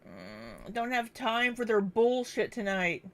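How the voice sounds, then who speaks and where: A woman's voice: a little high, huge pitch swings, slow pace, vocal fry. A young woman hosting a casual livestream from her kitchen, chatting and greeting viewers by name. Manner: chatty, distracted, reads viewer names aloud. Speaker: livestream host. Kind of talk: casual livestream chat reading super chats. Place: home, kitchen.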